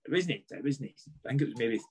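A man's voice: medium pitch, expressive, fast, husky. A man with a Scottish accent, a former footballer, telling stories in a casual podcast chat, swearing freely and laughing as he goes.

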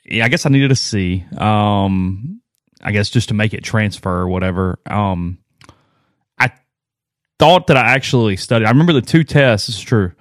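Male sports podcast co-host, fairly low voice, rambling and self-mocking, dry close-mic sound. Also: lively intonation, moderate pace, dry recording. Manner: rambling, self-deprecating storyteller. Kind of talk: casual sports talk.

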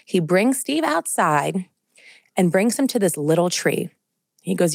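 A woman's voice: fairly low pitch, a little slow, gravelly, no echo, clean studio sound. A young woman co-hosting a podcast, telling a long story in casual chat and filling it with "like". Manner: animated storyteller, heavy use of "like". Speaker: podcast co-host.

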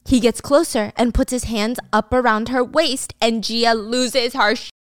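A woman's voice: a little high, steady tone, unhurried, dry recording, studio quality. A young woman casually recapping a drama story, chatty and opinionated with dramatic asides.

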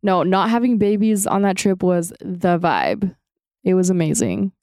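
Mujer de voz clara y tersa. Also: female voice, on the low side, a little slow, no room sound. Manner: animated storytelling, acts out quotes. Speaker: podcast co-host. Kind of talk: casual chat.

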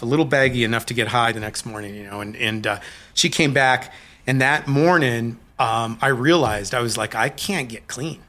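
Middle-aged man from Colorado, interview guest; bright, pushing tone, candid, halting delivery. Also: medium pitch. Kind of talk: personal recovery story in an interview.

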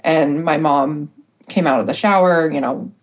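Woman, low voice, podcast guest, casual storytelling, hesitant, many fillers. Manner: hesitant, full of pauses and fillers.

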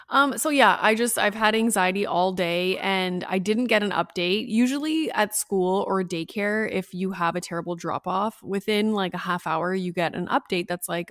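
A woman's voice: medium pitch, fairly bright tone, no echo. A woman in her thirties talks through her own story on a solo podcast, recorded at home. She keeps saying "like" and slips into the voices of the people she quotes. The sound is close and dry. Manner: chatty, peppered with "like", acts out quoted voices. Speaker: podcast host.

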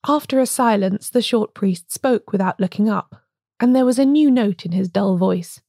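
A woman narrates a classic detective story in a steady, measured way. Her voice is mellow and gravelly, with a slight fry. The recording is dry and close. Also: medium pitch, dry recording. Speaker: podcast host reading a story.

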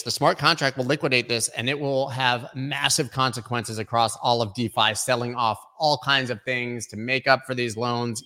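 A man's voice: medium pitch, pushed and bright. A man hosting a weekly crypto news show, talking casually with many fillers and opinionated asides. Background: construction noise.

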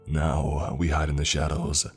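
A man voicing a huge, cruel, ancient man-eating forest creature in a storytelling narration, with a dark and gruff voice and a menacing, gloating manner. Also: extremely low pitch, completely flat delivery, unhurried, soft background music, heavily acted. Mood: solemn.

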